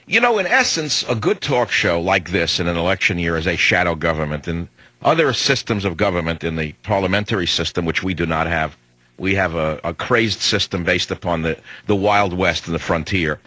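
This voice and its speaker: A man's voice: low voice, lively intonation, a little fast, sharp tone, no room sound, poor audio. A combative talk radio host, a man in his sixties, delivering an emphatic, hectoring monologue on a studio microphone.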